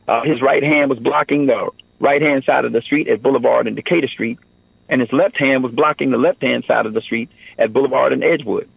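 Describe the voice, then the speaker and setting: A man's voice: mid-range voice, creaky, breathy edge, dry recording, phone-quality sound. A man giving an earnest personal testimony in a radio interview, often saying "man" and "you know".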